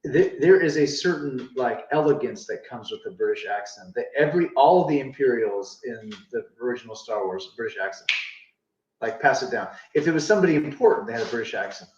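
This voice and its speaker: A man's voice: medium pitch, expressive, a little fast, a little mellow, distant mic, slight background noise. A playful man riffing in a casual livestream chat. He sits well back from the mic, and his voice carries a roomy echo and a dull, lo-fi sound. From United States. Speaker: game designer co-host.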